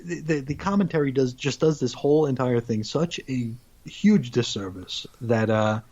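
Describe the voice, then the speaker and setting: A man's voice: medium pitch, normal speed, darkish tone, highs cut off. A man co-hosting a podcast, chatting casually and rambling through his points with many restarts. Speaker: podcast co-host. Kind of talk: casual chat.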